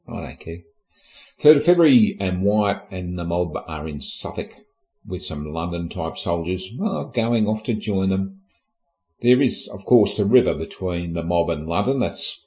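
A man's voice: on the low side, warm tone, rough recording. A man narrating history in an irreverent, comic way, cheeky and sweary with lots of slang.

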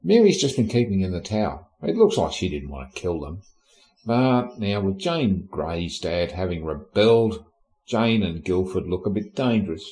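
A man's voice: low-pitched, big pitch swings, normal speed, warm tone, rough recording. A man narrating history in an irreverent, comic way, cheeky and sweary with lots of slang.

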